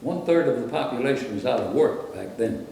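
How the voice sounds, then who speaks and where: A man's voice: mid-range voice, expressive, fairly quick, vocal fry, warm tone, very echoey, distant mic, a little hiss or hum, low-quality recording. An older man from Brooklyn, New York, reminiscing in a rambling, anecdotal way during an interview. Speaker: interviewee, former radio announcer.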